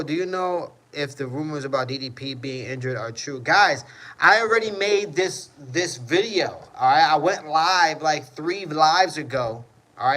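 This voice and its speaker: A man's voice: on the high side, sharp tone, rough recording. A man hosting a casual livestream, reading chat comments and answering in a rambling way, often repeating "you know what I mean".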